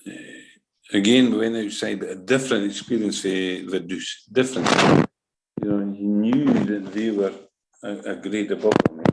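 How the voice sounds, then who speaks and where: A Scottish man, a former football manager, telling lively anecdotes in an interview and acting out what people said. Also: lowish voice, moderate pace. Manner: lively anecdotal, acts out quotes, swears. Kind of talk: animated storytelling interview. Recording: roomy echo.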